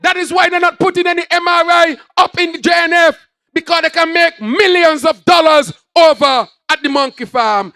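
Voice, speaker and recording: A man with a Kittitian accent giving a rousing political rally speech, shouting his lines in repeated, punchy phrases to an outdoor crowd. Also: very high voice, steady tone, normal speed, no echo, studio quality. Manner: shouted, rousing, repetitive call-and-response phrasing.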